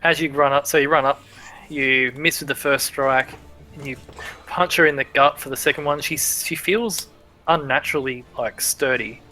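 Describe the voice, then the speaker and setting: A man narrating as game master in a relaxed livestreamed tabletop game, thinking aloud with easy fillers. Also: medium pitch, moderate pace, faint music behind, low-quality recording. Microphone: livestream microphone.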